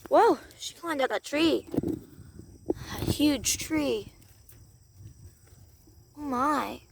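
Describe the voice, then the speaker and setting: An excitable woman with a very high voice acts out a playful doll role-play. She talks at an unhurried pace, full of gasps and exclamations. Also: gravelly, noisy background.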